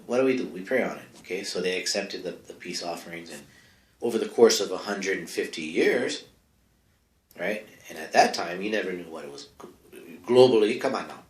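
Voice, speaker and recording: Talking at normal speed in a low voice, a comedic advice-column host rambles offhandedly and keeps wandering into asides. He's close-miked in a small home studio, and the bare room gives an echo.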